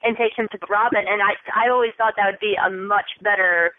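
A woman's voice: medium pitch, fairly even intonation, fairly quick. A woman co-hosting a casual fan discussion from her room over an online call, rambling with restarts. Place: home room. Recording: tinny phone-like call audio.

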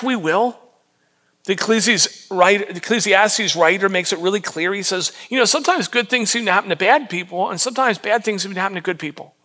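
A man with a high-pitched voice preaches to his congregation in a loose, conversational way. He reads scripture, then talks it through, often repeating and restarting his words. His tone is bright and forward, and he keeps asking the listeners questions. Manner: frequent repetitions and restarts. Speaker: pastor. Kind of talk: sermon.

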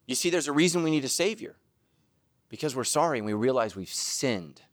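A middle-aged man preaching a sermon as pastor, joking, laughing at himself and breaking into loud shouted asides. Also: mid-range voice, expressive, fairly quick.

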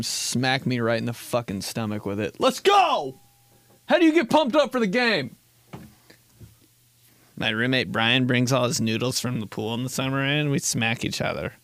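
Gravelly, rambling young man podcast host. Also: mid-range voice, no echo. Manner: rambling, profane, laughs a lot, acts out quotes. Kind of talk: casual comedic podcast chat.

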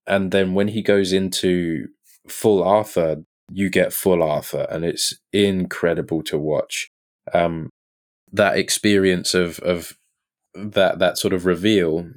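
A man, an actor guest on a podcast in a pub, telling lively anecdotes and acting out what others said. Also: deep voice. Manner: lively storyteller who acts out quoted lines.

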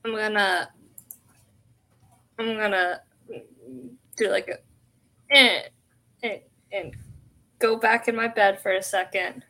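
A woman's voice: mid-range voice, fairly even intonation, slow, pauses often, bright, forceful tone. A woman playing a tabletop game, speaking hesitantly with many fillers. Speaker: player. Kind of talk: casual tabletop game play.

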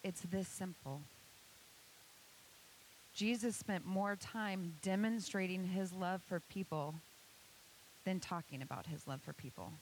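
A woman's voice: fairly low pitch, steady tone, measured pace, a little hiss or hum, low-quality recording. Earnest woman speaker asking rhetorical questions. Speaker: speaker giving a church presentation. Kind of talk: motivational talk to an audience.

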